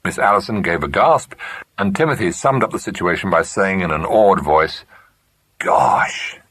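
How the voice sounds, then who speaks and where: Deep, husky male audiobook narrator. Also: animated, a little fast, a bit bright, dry recording. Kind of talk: scripted narration.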